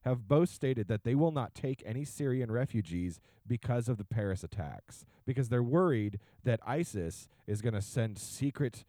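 A man's voice: medium pitch, expressive, moderate pace, few pauses, dark tone, no room sound. A man co-hosting a podcast, ranting casually and slipping into mock voices. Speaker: podcast co-host. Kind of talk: casual chat.

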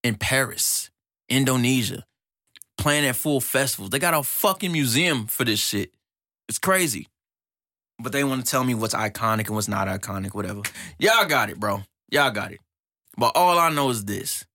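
A man's voice: moderate pace, no echo, studio quality. Hyped slangy man hosting a podcast. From United States. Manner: animated, slangy, laughs often, big pitch jumps when hyped. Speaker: podcast host. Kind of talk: excited casual podcast monologue. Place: small studio.

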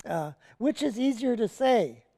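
Animated preacher with a lively pitch. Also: measured pace, long reverb tail. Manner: animated storytelling with casual asides. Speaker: pastor. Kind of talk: sermon. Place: church sanctuary.

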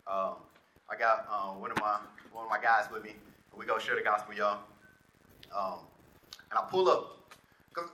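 A man telling a personal testimony to a live audience in an animated, slangy, conversational way, often calling the crowd "y'all". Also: medium pitch. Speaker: speaker sharing a personal testimony. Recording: echoey room, faint noise.

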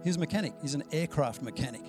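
A man preaching a sermon in an easygoing, storytelling way, voicing the people in his anecdotes. His voice sits a little high for a man. Music plays clearly behind him. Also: animated, racing. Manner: conversational storytelling preacher, acts out quoted dialogue. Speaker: pastor.

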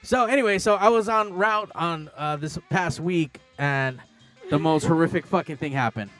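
A man's voice: a little high, moderate pace, a bit bright, faint music behind. Crude storytelling podcast host, man. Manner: rambling storyteller, heavy swearing. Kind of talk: crude casual chat.

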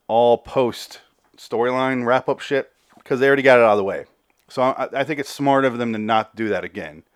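The podcast host has a lowish voice and recaps a TV episode in a casual, profane ramble, out of breath and repeating words when he starts over. It's clean studio sound with no echo.

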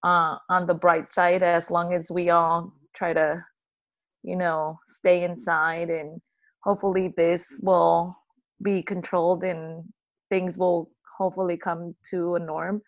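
A woman middle school teacher chatting casually on a podcast, telling lively stories. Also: on the low side, takes it slowly, lo-fi sound. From Southern California. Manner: animated storytelling with acted quotes. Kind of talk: casual chat.

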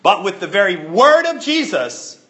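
A man preaching a sermon as pastor, emphatic and animated, repeating words to stress a point. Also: high-pitched, moderate pace, reverberant.

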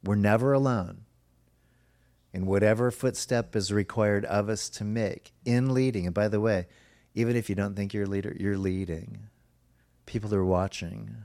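A man preaching a sermon as pastor, earnest and emphatic, now and then slowing to a soft, drawn-out stress. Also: fairly low pitch, fairly even intonation, gravelly.

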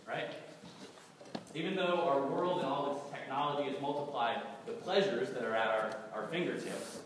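Brief: New England-accented male preacher with a cold, chatty and wry, mid-pitched voice heard from far off in a reverberant hall with steady noise. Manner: conversational, gently humorous, stumbles and repeats words. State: has a cold. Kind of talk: sermon. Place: large church hall.

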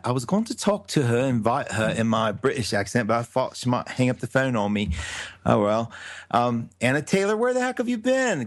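A man's voice: mid-range voice, dry recording. An effusive male radio host chats with callers on a live show. He talks in a middle register, and his voice sounds close and dry in the studio. He gushes freely and laughs easily. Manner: chatty and effusive, quick laughs. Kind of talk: live call-in radio chat.

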